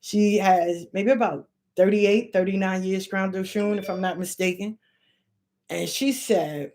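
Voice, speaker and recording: A middle-aged woman telling a long personal story in casual, profane, animated talk, slipping into the voices of the people she quotes. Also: medium pitch, a little slow. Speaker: spiritual channel host.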